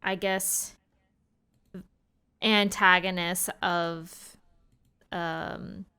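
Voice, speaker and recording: A woman chatting casually on a podcast, hesitant and full of pauses. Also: lowish voice, steady tone, sharp tone, clear, resonant tone. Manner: hesitant, lots of ums. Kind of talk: casual chat.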